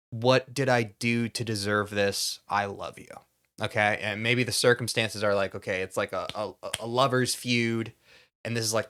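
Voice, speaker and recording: A man's voice: mid-range voice, a bit bright. Rambling mock-pompous man. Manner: mock-pompous, rambling, demonstrates overwrought acting bits. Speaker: comedy YouTuber. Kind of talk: satirical monologue to camera.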